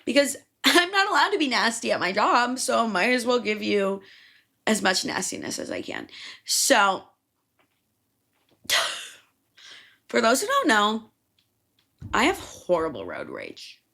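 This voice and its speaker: A young woman from Chicago hosting a podcast, telling stories in a casual, profane and animated way. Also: on the high side, measured pace, creaky, long pauses. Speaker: podcast host. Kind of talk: casual solo podcast rant.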